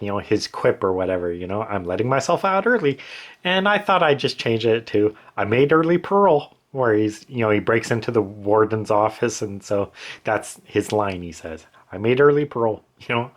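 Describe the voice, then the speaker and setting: A man with a somewhat low voice talks casually over his own screen, walking through edits one by one. He rambles, restarts sentences and leans on fillers as he thinks aloud. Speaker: author explaining his edits. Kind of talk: casual explanation to camera.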